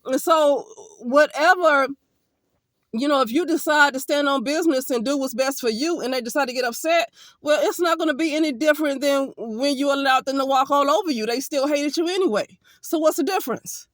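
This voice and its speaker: A woman's voice: high voice, brisk, no echo. A woman from Alabama, an occupational therapist talking bluntly and emphatically in a casual vlog monologue, with some profanity.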